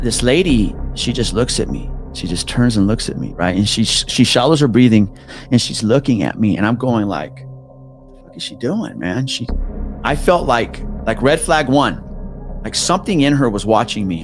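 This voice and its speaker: A man telling a true story on a podcast in casual talk, acting out the people in it and dropping into hushed tones. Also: mid-range voice, moderate pace, soft background music. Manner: animated, acts out quoted people, drops to hushed tones.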